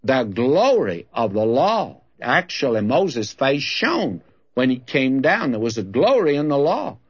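A man's voice: medium pitch, very animated, measured pace, slightly rough. A man preaching a sermon, telling a story and acting out both sides of a conversation before reading scripture aloud. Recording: dull lo-fi recording.

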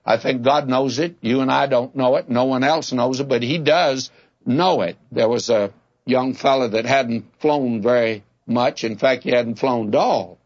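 A plainspoken man gives a folksy Bible sermon and addresses his listeners as friends. His voice sits at an ordinary middle pitch. The recording is dull and lo-fi. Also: unhurried. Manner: folksy, tells homespun anecdotes. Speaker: Bible teacher. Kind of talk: radio Bible teaching sermon.

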